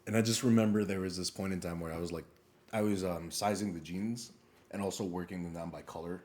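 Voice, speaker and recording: Podcast co-host, young man, low and quick, casual storyteller who swears freely. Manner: swears often, animated, laughs through stories.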